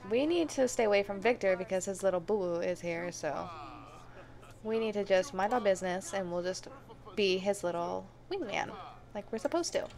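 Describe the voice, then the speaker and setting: A woman hosting a life-sim let's play, commenting excitedly with gasps and laughs. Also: medium pitch, gravelly. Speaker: gaming channel host.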